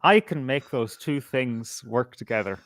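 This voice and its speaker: A man's voice: mid-range voice, lively intonation, measured pace, fairly bright tone, no room sound, studio quality. A man co-hosting a live show, blunt and profane, often stumbling into restarts. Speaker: podcast co-host. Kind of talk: casual live-stream chat.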